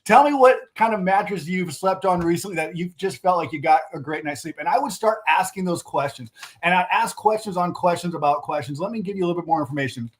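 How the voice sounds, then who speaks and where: A man giving energetic sales coaching on a video call, acting out customer talk with quick restarts. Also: sits high. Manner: animated, quick restarts, acts out customer dialogue. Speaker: mattress sales trainer, guest.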